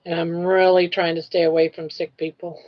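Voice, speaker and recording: A woman's voice: on the low side, level tone, normal speed. Older woman chatting on a livestream. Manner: reads viewer comments aloud and greets chatters by name. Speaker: livestream host. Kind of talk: casual livestream chat. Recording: dull lo-fi livestream audio.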